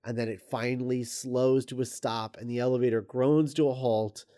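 A man's voice: mid-range voice, fairly even intonation, moderate pace, dark tone. A man casually retelling a screenplay scene by scene, hesitant and full of ums and restarts, amused as he goes. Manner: amused, chuckles while recounting.

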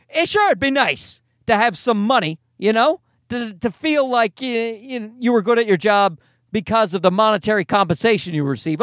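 A man's voice: high-pitched, fairly bright tone, no echo, clean studio sound. A middle-aged man hosting a solo podcast from a parked car, rambling and swearing with self-mocking humor. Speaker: podcast host.

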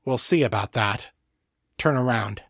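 A man's voice: medium pitch, unhurried, a bit bright, dry recording, clean studio sound. Man voicing a curt, hostile female agent. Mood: cold. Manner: curt, acidic.

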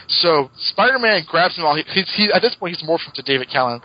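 A man's voice: on the high side, lively intonation, fast talker. Chatty man recapping comics, dull sound. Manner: chatty, laughs often, retells plots. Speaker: podcast co-host. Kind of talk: casual comic book podcast chat.

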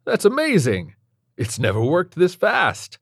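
A man puts on the voice of an overly chirpy male doctor, high-pitched, sing-song and grating, at a normal speed. The studio-quality recording has no room sound and the voice is pushed up.

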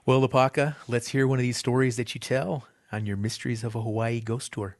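A man hosting a radio interview, asking halting questions with restarts. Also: mid-range voice, fairly even intonation.

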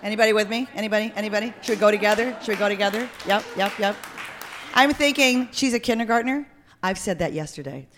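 A woman hosting a comedy podcast, animated and jokey in her banter. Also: medium pitch, fast, a faint crowd. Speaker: host.

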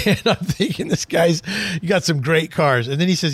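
A man's voice: a little high, moderate pace, no echo. A man hosting a casual car talk radio show, telling stories and acting out quotes. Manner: animated storyteller, acts out quotes.

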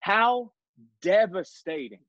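A man's voice: high-pitched, animated, takes it slowly, a bit bright, no echo, dull audio. Earnest man leading a Bible study. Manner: earnest, emphatic, reads scripture aloud. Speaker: podcast host.

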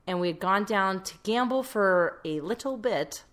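A young woman co-hosts a podcast in easy, casual conversation. She tells stories with plenty of filler words in a mid-pitched voice. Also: animated, normal speed, fairly bright tone. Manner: chatty storyteller, frequent "like" fillers. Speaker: podcast co-host. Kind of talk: casual chat.

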